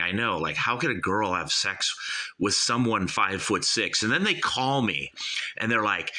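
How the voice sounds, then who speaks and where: Bright-toned, rambling boastful male host. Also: fairly low pitch. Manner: boastful, self-mocking, rambling; repeats "you guys" often. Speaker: talk show host. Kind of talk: rambling comic monologue.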